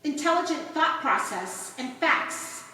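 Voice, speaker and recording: A woman's voice: high voice, expressive, measured pace, pushed and bright. Scolding woman ranting in an echoey room. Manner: scolding, rhetorical questions. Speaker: tarot reader. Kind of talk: ranting political commentary. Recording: echoey room, far from mic, noisy.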